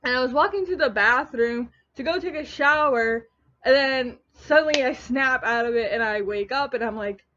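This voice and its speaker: A young woman telling a story in a casual home vlog, rambling and animated, often stopping herself mid-sentence. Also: high voice, normal speed, a little hiss or hum. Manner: rambling, animated, self-interrupting. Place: at home on a couch. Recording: dull lo-fi home recording.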